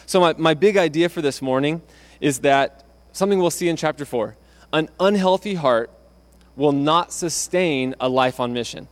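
Conversational preaching man, slightly high voice. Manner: conversational preaching with restarts, acting out quotes. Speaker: pastor. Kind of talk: sermon.

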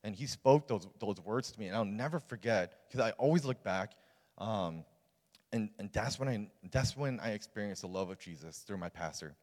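Young male youth pastor, low-pitched, informal testimony with lots of "like" and "um", long hall reverb. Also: lively intonation, normal speed, a little mellow. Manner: casual, earnest storytelling with many fillers. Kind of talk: personal testimony in a sermon.

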